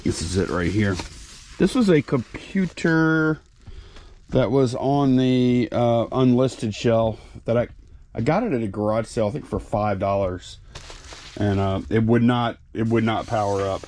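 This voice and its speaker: Relaxed middle-aged man chatting. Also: mid-range voice, a little slow. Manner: relaxed, rambling asides. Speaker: reseller co-host. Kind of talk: casual chat.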